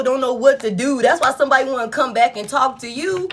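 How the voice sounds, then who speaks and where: Black lady doing a tarot reading, cusses a lot, fired up, slightly high voice. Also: fast, a little hiss or hum. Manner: blunt, profane, animated, laughs often. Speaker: tarot reader.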